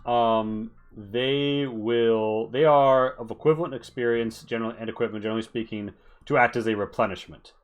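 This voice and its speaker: A man narrating as game master of a tabletop game, explaining in a relaxed, casual way. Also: medium pitch, normal speed, smooth, muffled recording.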